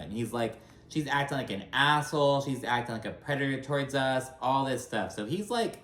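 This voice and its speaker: A man's voice: lowish voice, echoey room. A man hosting a casual reality TV recap, talking in a chatty, blunt way with lots of fillers and swearing, and acting out the cast members' lines.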